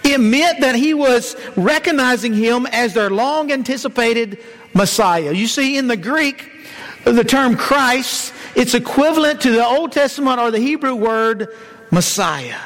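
A man's voice: very high voice, measured pace, a bit bright, big-room sound, low-quality recording. A man preaching a sermon, citing scripture verses and putting rhetorical questions to the congregation.

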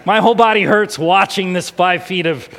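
Male pastor, fairly high voice, storytelling sermon, long hall reverb. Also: moderate pace. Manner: animated storyteller, drops to hushed emotional tones.

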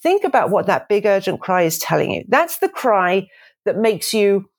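In a relaxed conversational explanation of parenting, a lively woman in her forties keeps breaking into laughter and does little voices with dramatic pitch swings.

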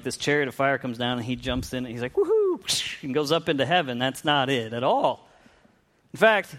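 A man's voice: fairly high pitch, a bit bright. Conversational man preaching a sermon. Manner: conversational, with frequent restarts and acted-out quotes.

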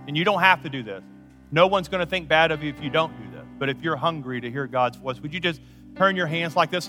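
Earnest pastor preaching in a big hall. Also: male voice, a little high, pushed and bright. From United States. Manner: earnest, slows down for emphasis in prayer. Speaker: guest pastor. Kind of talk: sermon. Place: large church auditorium. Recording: long hall reverb from a church sanctuary.

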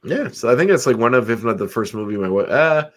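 A man co-hosting a casual podcast chat, tossing out quick guesses and grumbling playfully. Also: medium pitch, expressive. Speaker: podcast co-host.

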